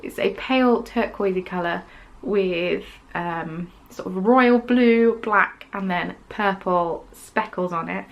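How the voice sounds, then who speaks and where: This young woman runs a craft podcast, chatting casually and gushing as she shows and tells about each piece. A steady gravelly fry runs through her mid-pitched voice, and relaxed ums fill her gaps. She takes it slowly, and the audio is poor.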